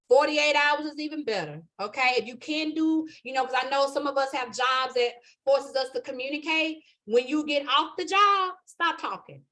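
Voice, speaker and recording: A high-pitched woman leads a live spiritual astrology class. She talks in an emphatic, preaching way, stacks repeated phrases for emphasis, and keeps asking her listeners "okay?" and "you understand?". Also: normal speed, few pauses, sharp tone. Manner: repetitive, building emphasis. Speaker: astrology teacher.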